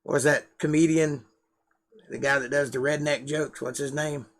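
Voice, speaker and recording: A man's voice: fairly high pitch, fairly even intonation, moderate pace. A middle-aged man with a Georgia Southern drawl, rambling and self-deprecating in casual live-stream chat to camera. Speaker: live-stream host, musician.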